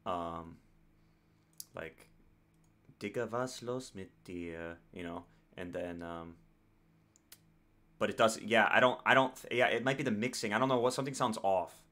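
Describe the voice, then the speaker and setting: A man's voice: on the low side, steady tone, moderate pace, long pauses, pushed and bright. Rambling American man reacting. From United States. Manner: rambling, lots of fillers and self-corrections. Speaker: reaction video host. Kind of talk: casual commentary.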